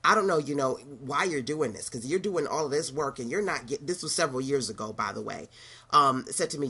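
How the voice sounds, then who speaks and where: A woman's voice: very deep voice, expressive, fairly quick, pushed and bright, husky. A middle-aged woman from Brooklyn giving a motivational monologue as an online business coach, emphatic and repetitive, with laughing asides. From Brooklyn, New York.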